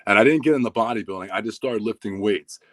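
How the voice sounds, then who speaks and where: A man in his thirties, appearing as a podcast guest, tells a story fast in casual, heavily profane chat, captured in a dry recording. His animated storytelling grows louder and higher when he gets excited.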